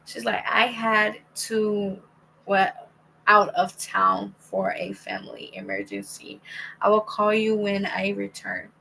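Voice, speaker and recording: A woman's voice: mid-range voice, very animated, slow pace, gravelly, bright, forceful tone, a little hiss or hum, low-quality recording. A young woman telling a rambling, casual story to her viewers, reading out old text messages with many restarts. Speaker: vlogger.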